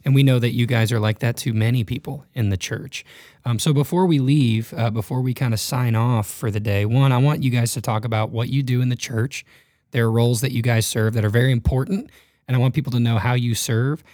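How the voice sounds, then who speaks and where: Brief: man hosting a church talk show, easygoing and encouraging, mid pitch, dry recording. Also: steady tone, brisk, a little mellow, dry recording. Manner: affirming, frequent "yeah" backchannels. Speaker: pastor hosting a church podcast. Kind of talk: warm casual interview chat.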